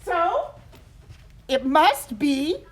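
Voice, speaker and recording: Storybook bunny: young, male, forgetful, squeaky and bouncy, voiced by a woman. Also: very animated, drawn-out words, background noise, heavily acted. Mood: pondering. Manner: puzzled, questioning.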